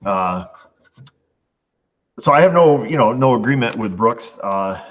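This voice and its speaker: A man's voice: mid-range voice, lively intonation, a little slow. A middle-aged man from New York State, a shop owner chatting casually to his viewers, rambling and laughing at his own stories. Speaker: auto shop owner, channel host. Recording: dull lo-fi sound with faint background noise.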